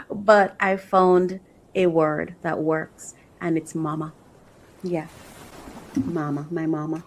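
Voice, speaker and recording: A woman hosting her own podcast, talking in a reflective, earnest way about her feelings and her faith, often pausing, restarting and searching for words. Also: lowish voice, rough recording. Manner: emotional, halting, many restarts and fillers. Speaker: podcast host and author. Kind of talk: reflective solo podcast monologue.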